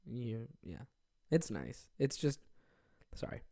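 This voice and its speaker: A man's voice: medium pitch, very animated, slow, vocal fry, mellow. Rambling, cursing young man podcasting. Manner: rambling, profane, self-deprecating. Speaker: podcast host. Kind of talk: casual solo podcast chat. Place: his own office.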